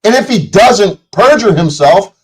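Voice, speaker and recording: A man with a slightly high voice rants furiously into his streaming mic, swearing constantly and jabbing at viewers in the chat. His delivery is combative and heated, a confrontational livestream tirade. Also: animated, unhurried, husky, rough recording. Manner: profane, combative, shouting at chat. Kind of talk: angry livestream rant. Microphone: streaming setup mic.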